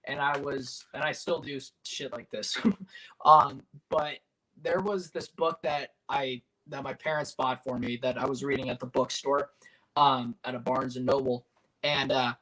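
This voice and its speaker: A man's voice: medium pitch, steady tone, a little slow, pushed and bright, poor audio. A man hosting a casual movie watch-along, telling stories with lots of laughter. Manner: chatty storyteller, laughs often. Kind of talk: casual chat.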